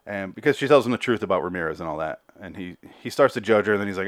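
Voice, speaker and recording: Racing and animated, a low-voiced podcast host breathlessly recaps a TV episode, cursing, rambling, and repeating words each time he restarts. Clean studio sound, no echo.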